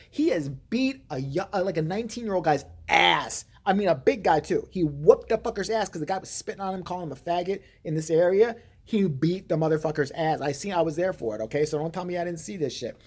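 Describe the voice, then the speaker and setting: Give me a woman with a lowish, husky voice ranting bluntly and profanely into her vlog. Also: a little mellow. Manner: blunt, heated, profane storytelling. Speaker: vlogger. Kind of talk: profane commentary rant.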